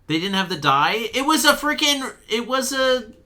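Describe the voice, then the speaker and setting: A young man chatting while he plays a game, telling a rambling, animated story and swearing freely. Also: extremely high pitch, normal speed. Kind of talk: casual storytelling chat.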